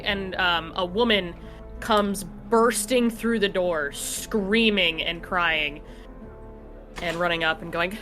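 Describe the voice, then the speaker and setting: A woman's voice: medium pitch, measured pace, bright, forceful tone, faint music behind. A woman game master narrating a tabletop game casually, with many fillers. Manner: casual, filler-heavy storytelling.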